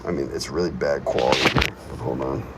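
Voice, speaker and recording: A man's voice: a bass voice, fairly quick, vocal fry, very noisy. A young man hosting a casual livestream, reading chat aloud and hyping himself up with playful bits. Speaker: livestream host. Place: current location he names while streaming.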